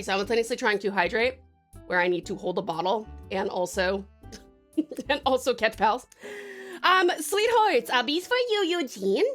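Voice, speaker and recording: A young Australian woman on a live stream, gushing and cursing with delight as she thanks her viewers. Her voice is high and bounces around animatedly. Soft music plays underneath. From Tasmania, Australia. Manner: effusive, bubbly, swears freely. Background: faint music.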